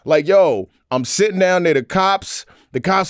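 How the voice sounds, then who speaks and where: A male comedian guest in a casual interview, telling energetic stories and often adding "you know what I'm saying.". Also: high voice, a little slow, clean tone, dry recording, studio quality.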